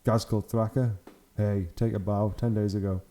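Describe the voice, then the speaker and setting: A man's voice: fairly low pitch, little pitch movement, moderate pace, mellow. A young man hosting his channel, giving casual, enthusiastic commentary on hobby photos and laughing often. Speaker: channel host.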